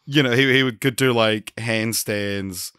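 A man co-hosting a casual podcast, his voice hoarse and a bit worn. He tells stories in an animated way and laughs often, recorded dry and close. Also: mid-range voice, measured pace, no room sound. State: hoarse from yelling the night before. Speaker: podcast co-host.

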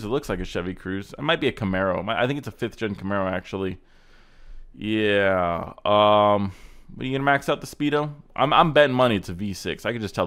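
A man's voice: lowish voice, fairly bright tone. A man hosting a casual reaction video, ranting sarcastically and swearing as he mocks car clips. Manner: sarcastic, ranting, profane roasting.

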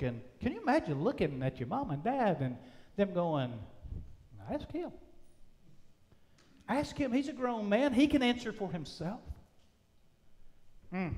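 High-voiced preacher man in a reverberant church. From United States. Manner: preaching with emphatic drawn-out phrases, swinging between loud and soft. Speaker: pastor. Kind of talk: sermon. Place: church sanctuary. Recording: long reverb of a church sanctuary.

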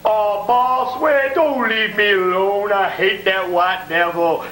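A man voicing a frightened grown man who clings to his boss and wails in pleading, drawn-out cries. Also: high voice, fairly even intonation, a bit bright, roomy sound. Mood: whining.

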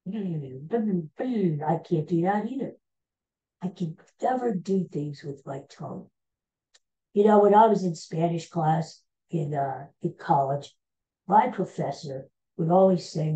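Podcast host, a man in his 60s, rambling with lots of ums, mellow tone, lo-fi sound. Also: a little high, takes it slowly. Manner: rambling, hesitant, many filler sounds. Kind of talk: casual chat.

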